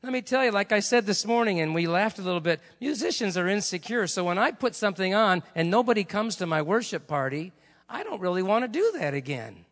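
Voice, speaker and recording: A man's voice: high-pitched, very animated, brisk, a bit bright, in a large hall. A male preacher telling stories during a sermon, in a chatty, conversational way with asides to the congregation.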